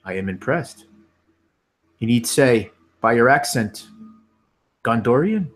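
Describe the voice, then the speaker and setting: A man voicing a wise older male ranger who speaks in a measured, formal way. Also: mid-range voice, lively intonation.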